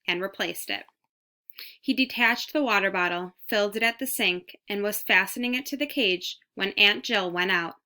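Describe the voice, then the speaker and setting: A woman narrating a children's storybook aloud, reading clearly at an even pace. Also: mid-range voice. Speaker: audiobook reader.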